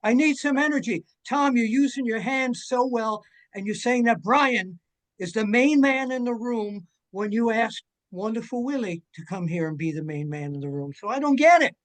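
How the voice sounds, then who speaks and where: An older man chatting as a guest, telling stories in an energetic, jokey way. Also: sits high, moderate pace. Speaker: guest, wrestling journalist. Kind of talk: casual chat.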